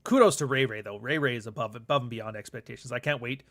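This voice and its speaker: A man's voice: medium pitch, quick pace, fairly bright tone. A man hosting his own podcast, talking in a rambling, candid, casual monologue and swearing freely. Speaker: podcast host and author.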